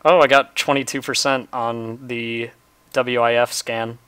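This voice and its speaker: A man in the middle of a game stream, talking loosely and laughing easily at his own blunders. His voice sits at an ordinary pitch, and his tone stays relaxed and self-mocking. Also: measured pace, slight background noise. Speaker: livestreamer. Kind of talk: casual gaming chat.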